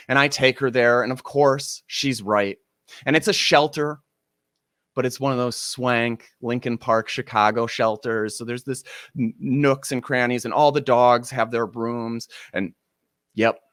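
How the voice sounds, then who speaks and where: A man of middle pitch tells a personal story to a listener, his delivery animated and full of acted-out quotes. The sound is dry and close, with no room echo around the voice. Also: a little slow.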